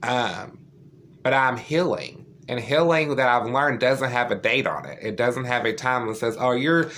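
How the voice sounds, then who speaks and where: Speaking a little slowly in a fairly bright, mid-range voice, a vlogger tells a personal story straight to camera. He comes across earnest and candid, loose and filler-heavy, with slight noise in the background.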